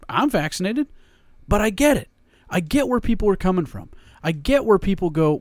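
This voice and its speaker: Male co-host, fast-swinging animated delivery, profane jokey ranter, dry mic. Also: high-pitched, no echo. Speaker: podcast co-host. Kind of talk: casual sports chat.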